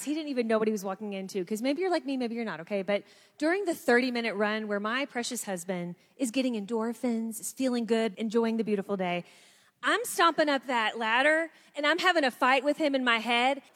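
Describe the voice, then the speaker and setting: A woman telling a lively personal story to a room of people, acting out what others said. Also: fairly high pitch, brisk, in a large hall. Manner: animated storyteller, acts out quotes. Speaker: speaker. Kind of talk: storytelling talk to an audience.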